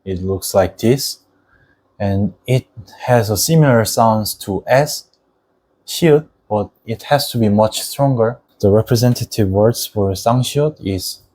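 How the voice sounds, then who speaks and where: A man's voice: on the low side, a little mellow, rough recording. A young man whose first language is Korean, patiently explaining the Korean alphabet in a lesson. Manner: patient, deliberate, models Korean words slowly.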